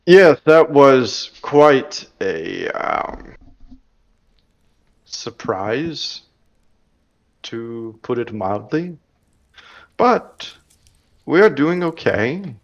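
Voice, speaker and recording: A man voicing a courteous, formal male dwarf clan leader in a tabletop game, speaking politely and measured, on a dull lo-fi recording. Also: mid-range voice, big pitch swings, exaggerated voice.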